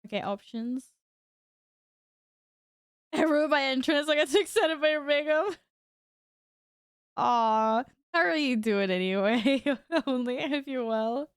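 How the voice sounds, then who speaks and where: A woman's voice: fairly high pitch, unhurried, pauses often, smooth, dry recording, clean studio sound. A woman streaming a game, chatting casually with her viewers while she fixes her audio. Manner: flustered, talks to chat while fixing audio. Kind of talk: casual live-stream chat.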